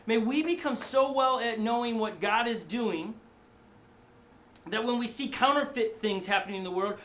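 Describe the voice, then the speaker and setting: A middle-aged male pastor preaching a sermon in a studio, animated and conversational, often acting out voices. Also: sits high, a little hiss or hum.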